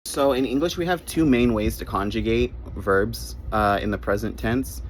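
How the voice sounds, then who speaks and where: A man's voice: on the low side, normal speed, slight background noise, poor audio. A man giving short English grammar lessons, spelling words out letter by letter and repeating his key points. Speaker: English teacher.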